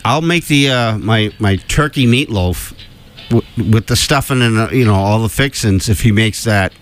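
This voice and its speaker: Rambling lower-voiced radio host man. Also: moderate pace, slight background noise. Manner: rambling, filler-heavy, laughs often. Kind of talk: casual radio chat.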